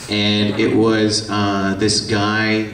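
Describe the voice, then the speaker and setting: A man's voice: on the low side, monotone, drawn-out words, a bit bright, a little hiss or hum. A man answering audience questions at a convention panel, telling irreverent, joking stories in a casual way. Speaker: voice actor, panel guest. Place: convention hall. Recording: echoey hall from far off, crowd.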